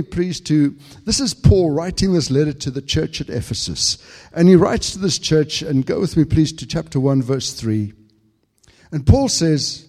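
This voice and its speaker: A man preaching a fervent sermon to a congregation, stumbling over restarts as he builds to high, excited peaks. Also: unhurried, husky, big-room sound. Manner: frequent stammered restarts.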